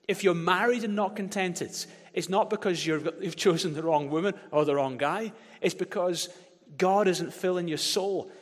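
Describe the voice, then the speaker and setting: A man's voice: high-pitched, normal speed. A man preaching a sermon as pastor, passionate and emphatic, leading his congregation to repeat verses aloud. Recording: long hall reverb.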